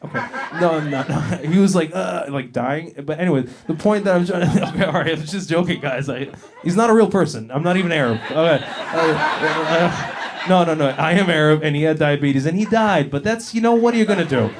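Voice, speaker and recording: Brash stand-up comic, slightly high voice. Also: male voice, a little fast, few pauses, a crowd in the background. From Libya. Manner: brash, profane, laughing at his own jokes. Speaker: stand-up comedian. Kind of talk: stand-up comedy set. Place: comedy club stage with live audience.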